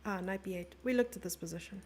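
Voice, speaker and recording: Chatty woman streamer, gravelly. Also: mid-range voice, quick pace, a little mellow, a little hiss or hum. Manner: chatty, playful, reads out and answers chat. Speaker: chess commentator and streamer. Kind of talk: live stream commentary, chatting with viewers.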